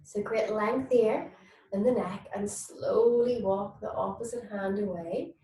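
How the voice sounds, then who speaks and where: Slow, soothing woman in an echoey room. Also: mid-range voice. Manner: soft, soothing instructions with sing-song baby talk. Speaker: yoga instructor. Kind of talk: guided mum and baby yoga class. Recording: echoey room, mic at a distance.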